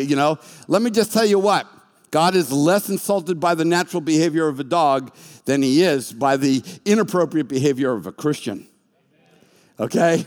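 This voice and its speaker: Male pastor, fairly high voice, animated storyteller, big reverberant hall. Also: normal speed. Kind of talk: sermon. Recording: long reverb of a large hall.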